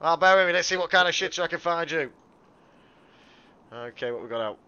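Man, car-dealer role-play; bright, forceful salesman patter, mate-and-buddy talk. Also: a little high, lively intonation, fairly quick, clean tone, dull audio. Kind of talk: in-character role-play over game voice chat.

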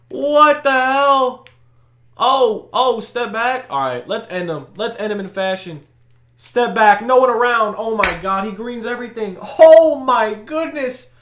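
A man giving live commentary over his own basketball video game play, slangy and hyped, breaking into shouts of disbelief. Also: very high-pitched, animated, a little slow. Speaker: gaming YouTuber. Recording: echoey room.

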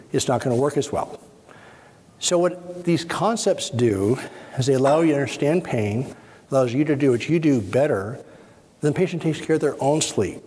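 A middle-aged man leads a workshop from the front of a conference hall, his voice slightly husky and carried by a long reverb. He talks calmly and gives instructions one step at a time. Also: mid-range voice. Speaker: spine surgeon giving a workshop. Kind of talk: guided exercise and lecture to an audience.

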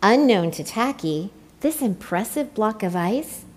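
A woman's voice: medium pitch, unhurried, a little hiss or hum. Woman reading a storybook expressively. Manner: expressive, playful. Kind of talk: reading a picture book aloud. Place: church.

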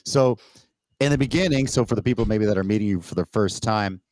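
A man from Canada hosting a casual interview, telling stories with animated energy and acted-out quotes. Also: lowish voice, a little fast, dry recording. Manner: animated storyteller who acts out quotes with laughs. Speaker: podcast host. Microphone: remote call setup.

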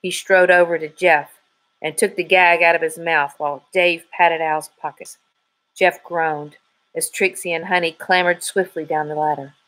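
A woman reading a children's mystery novel aloud in an even, measured way. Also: fairly low pitch, rough recording. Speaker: audiobook reader. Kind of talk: storybook narration.

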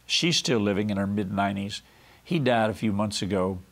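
A man's voice: fairly low pitch, brisk, creaky, fairly bright tone. Folksy man preaching. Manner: folksy storytelling, acting out quoted voices. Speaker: pastor and TV host. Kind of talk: televised sermon.

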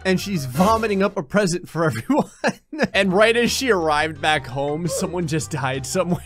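A man doing lively let's play commentary on a life-sim game, jokey and often laughing, with sudden high yelps. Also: normal speed, soft background music. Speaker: gaming YouTuber.

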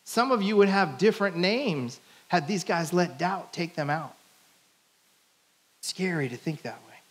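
A man preaching a sermon in a church sanctuary, in a relaxed and playful way as he acts out the quotes. His voice sits a little higher than most men's. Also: a little slow. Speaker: pastor.

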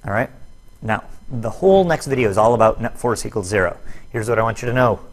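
A man's voice: mid-range voice, expressive, fast talker. A man teaching a physics lesson on net force, explaining worked problems step by step with jokey, self-deprecating asides. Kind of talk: recorded classroom lesson video.

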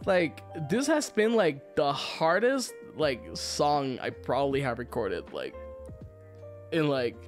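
A man chatting casually on a livestream, excitable and quick to laugh, swearing freely between thanks to viewers. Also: on the high side, faint music behind. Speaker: virtual idol streamer.

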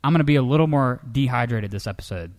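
A man co-hosting a comedic news-story show, telling tales in a lively, animated way. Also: quick pace. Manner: lively storyteller, jumps into high pitch for characters. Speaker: co-host.

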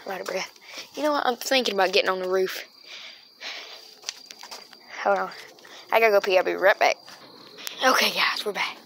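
A woman's voice: medium pitch, moderate pace, pauses often. Chatty woman on a phone outdoors. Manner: chatty, rambling, talks to viewers as y'all. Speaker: vlogger. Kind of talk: casual rambling vlog. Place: outdoors at night, yard and street. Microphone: phone held in hand. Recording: phone recording with steady background noise.

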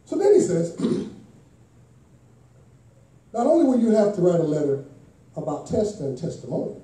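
A man preaches a sermon in a church, with a very high, lively voice. His tone is dark and mellow, and he swings from steady teaching to impassioned shouts. He is heard from a distance in a big, echoing sanctuary. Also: quick pace. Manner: impassioned, rising to shouts, call and response. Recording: echoey church hall, voice from far off.

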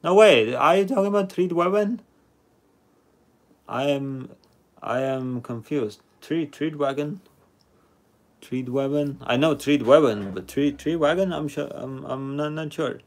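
A man with a fairly high voice speaks a little slowly while hosting a live stream number game. He chats with viewers and reads out their names and rankings.

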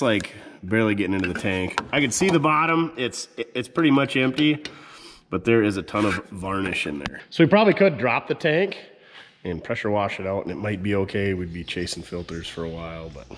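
A man's voice: deep voice, a bit bright, a little hiss or hum. A man hosting a repair vlog, bantering casually and joking in slang while he works on an old car. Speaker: mechanic vlog host. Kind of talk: casual running commentary while working. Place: shop working on an old car.

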